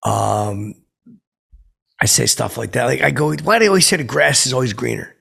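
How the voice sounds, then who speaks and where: A man's voice: medium pitch, lively intonation, moderate pace, gravelly, fairly bright tone, breathy edge, exaggerated voice. A man playing a clueless, boastful washed-up stand-up comic who rambles and stumbles through his story with many fillers. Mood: rambling. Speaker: character comedian telling a story. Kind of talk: improvised comic monologue.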